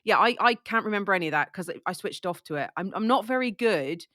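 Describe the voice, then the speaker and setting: A woman's voice: medium pitch, expressive, fast talker, a bit bright, dry recording, studio quality. A woman with a cold chatting casually about a book, full of "like" and restarts. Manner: chatty, lots of likes and restarts. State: has a cold, coughing. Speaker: book discussion co-host.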